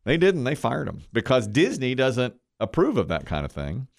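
A man's voice: mid-range voice, wildly swooping pitch, moderate pace, vocal fry, no echo, studio quality. A middle-aged man hosting a talk show, chatting casually and telling a story, acting out the quotes. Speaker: radio show host.

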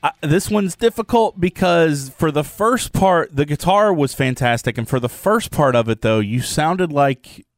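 A male radio co-host speaks candidly and pokes fun at himself. His voice is mid-pitched and close, with a dry sound and no room. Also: expressive, measured pace, few pauses, dry recording. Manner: candid, self-deprecating. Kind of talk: casual radio banter.

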